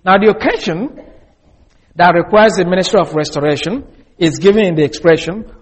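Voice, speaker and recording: Husky man teaching a slow Bible exposition. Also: high-pitched. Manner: measured, deliberate, with restarts and slow emphasis. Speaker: preacher.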